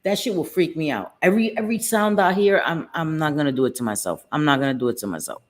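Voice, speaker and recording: A middle-aged woman chats casually with her viewers during a livestream from her home. Her voice sits a little low. She talks loosely, calls out viewers by name, and curses freely. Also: lively intonation, quick pace. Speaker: livestream host.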